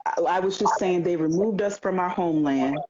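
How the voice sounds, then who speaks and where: A woman's voice: fairly low pitch, fairly quick, dull audio, noisy background. A woman co-hosting a podcast, speaking earnestly and addressing listeners as y'all. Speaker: podcast co-host.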